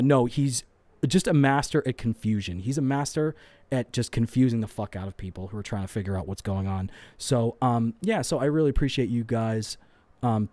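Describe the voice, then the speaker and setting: A man's voice: medium pitch, mellow, no room sound. Rambling, foul-mouthed male live-stream host. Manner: rambling, swears a lot, self-deprecating. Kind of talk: casual live-stream chat. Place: home studio with lights. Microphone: studio microphone.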